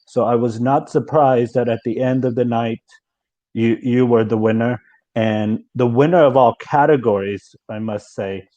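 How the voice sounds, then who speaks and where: A man's voice: mid-range voice, steady tone, normal speed, dark tone, highs cut off. A man hosting a live online talk show, reading out viewers' questions and praising his guest at length. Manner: reads chat questions, effusive with praise. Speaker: host.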